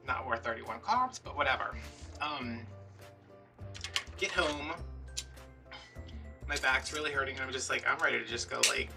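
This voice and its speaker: A man casually telling a story while crafting at home, animated and chatty, acting out the other people in it. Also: medium pitch, moderate pace, creaky, pauses often, recorded from a distance, music in the background. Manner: chatty, animated retelling with quoted dialogue. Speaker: vlogger.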